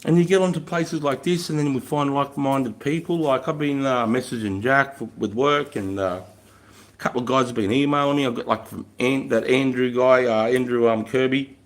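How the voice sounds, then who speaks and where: A man's voice: medium pitch, steady tone, brisk. Rambling, swearing Australian man. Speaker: livestream guest. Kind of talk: casual chat.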